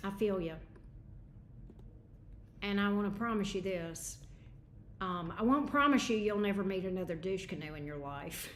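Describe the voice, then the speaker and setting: A woman's voice: mid-range voice, moderate pace, long pauses, reverberant, a little hiss or hum. Frank, chatty woman tarot reader. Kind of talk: livestream tarot reading.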